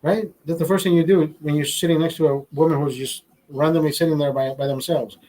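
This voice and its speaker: A man tells a story in a casual, profane way, his voice sitting a bit higher than most men's. He jumps into the voices of the people he quotes as he goes. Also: a little fast, low-quality recording. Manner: profane, animated, acts out quotes. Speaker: host.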